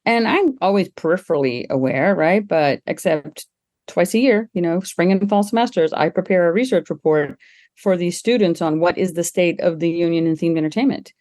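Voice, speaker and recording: Lively middle-aged woman telling stories. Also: moderate pace. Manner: lively, acts out quoted people with jumps in pitch; laughs often while telling stories. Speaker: guest. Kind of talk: casual interview storytelling.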